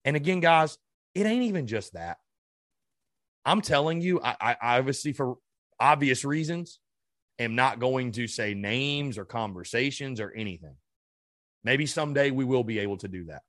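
A man hosting a sports podcast, furious and ranting, swearing and stammering as he vents, swinging between loud outbursts and low mutters. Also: expressive, moderate pace, no room sound, clean studio sound. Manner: heated and ranting, swearing, with many stammered restarts. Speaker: podcast host. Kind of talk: sports fan rant.

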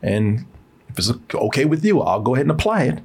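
A male host chatting in a relaxed, slangy way and reading a sponsor spot. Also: mid-range voice, a little fast, slightly rough. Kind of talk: casual talk with sponsor read.

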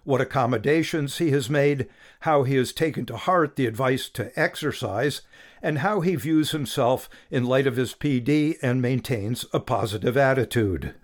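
A man hosting a podcast interview, asking questions in a calm, measured way. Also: medium pitch.

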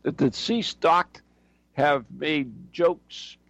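A man's voice: fairly high pitch, very slow, creaky, fairly bright tone, no room sound, poor audio. A man co-hosting a casual chat show, joking and rambling as he reads headlines. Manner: joking, rambling, laughs often. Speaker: podcast co-host.

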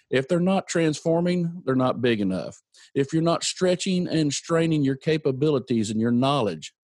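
A man's voice: mid-range voice, darkish tone, no echo. A man hosting a podcast, speaking in an upbeat, encouraging and playful motivational tone. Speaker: podcast host. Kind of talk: motivational interview talk.

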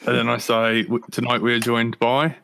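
A man's voice: medium pitch, flat delivery, moderate pace, vocal fry, a bit bright, a little hiss or hum. Playful man hosting a live chat. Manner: playful, teasing. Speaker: host. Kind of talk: casual livestream chat.

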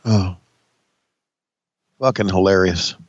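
A man in casual podcast chat who reacts fast and laughs often. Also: low voice, dry recording, muffled recording.

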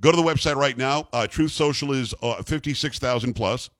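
A man's voice: mid-range voice, a little fast, a bit bright, dry recording, studio quality. Indignant male talk radio host. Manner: indignant, emphatic, repeats the call-in number.

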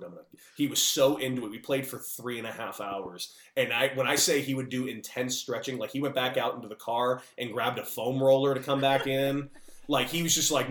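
A man, a former ball player, telling stories casually on a podcast over a remote call and acting out the dialogue with lively energy. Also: medium pitch, a little fast, reverberant. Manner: animated, jokey, acts out dialogue. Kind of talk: casual storytelling.

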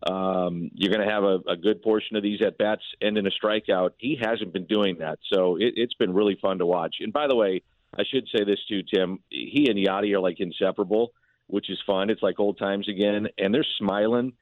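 A man with a fairly low voice talks baseball as a radio guest. His delivery is conversational and loose, and he restarts his sentences. He calls in over a tinny, dry phone line. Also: normal speed, no room sound. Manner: conversational, lots of fillers and restarts. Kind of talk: casual sports radio chat.

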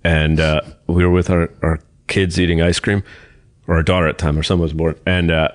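A man's voice: deep voice, flat delivery, fairly quick. A man guest on a podcast telling rambling anecdotes, with frequent restarts, in a casual chat. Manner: rambling storyteller with many restarts.

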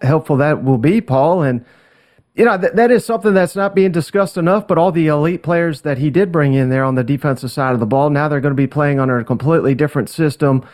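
Brief: male guest analyst, a bit high-pitched, measured and thoughtful. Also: darkish tone. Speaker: podcast host and guest. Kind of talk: sports talk radio analysis.

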